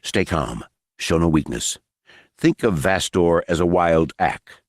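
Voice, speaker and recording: A cool, commanding warrior general, played by a male narrator. He speaks low and measured in clipped orders, with a dry close sound. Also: expressive, no room sound, exaggerated voice. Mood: stern calm.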